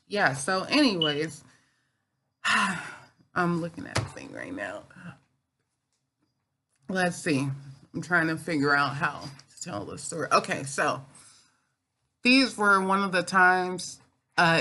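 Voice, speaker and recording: A woman's voice: lowish voice, pushed and bright, slight background noise. A woman vlogger telling a personal story in a casual chat from home. She rambles and halts, with many fillers and restarts.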